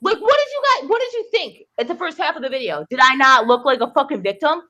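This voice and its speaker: A woman arguing heatedly on a livestream as a guest, profane and combative, shouting other people down. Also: high voice, big pitch swings, fast talker, highs cut off.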